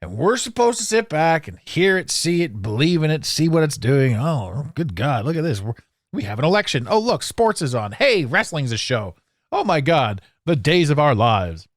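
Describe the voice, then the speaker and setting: A man hosting a podcast monologue, ranting sarcastically with animated swings and frequent profanity. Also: on the high side, normal speed, no room sound, studio quality. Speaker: podcast host.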